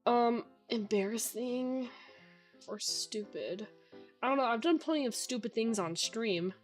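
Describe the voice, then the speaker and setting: Slow, chatty young woman streamer. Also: fairly high pitch, expressive, soft background music. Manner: chatty, lots of filler words. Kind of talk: casual Q&A chat.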